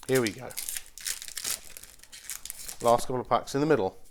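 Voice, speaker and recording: A man's voice: on the low side, normal speed, creaky, pauses often. Chatty man opening card packs. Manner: chatty, teasing, talks to the packs. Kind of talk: casual live card-opening commentary. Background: crinkling foil wrappers.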